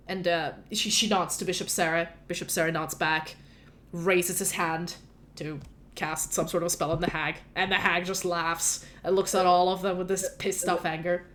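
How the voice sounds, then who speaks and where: A woman's voice: lowish voice, level tone, normal speed, fairly bright tone, a little hiss or hum. A woman narrating as game master in a casual, loose way, with plenty of fillers.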